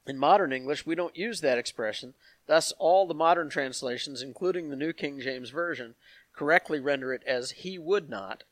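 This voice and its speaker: A man's voice: fairly high pitch, moderate pace, no room sound. Man giving a Bible teaching, dry sound. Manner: explanatory, reads passages aloud with asides to the congregation.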